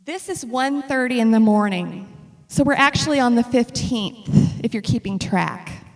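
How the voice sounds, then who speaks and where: A woman with a slightly high voice tells chatty, funny stories about her travel photos. Her voice carries a long reverb from the large hall she speaks in. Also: a little slow. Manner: chatty and humorous, lively storytelling. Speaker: speaker presenting travel slides. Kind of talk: casual slideshow talk to an audience.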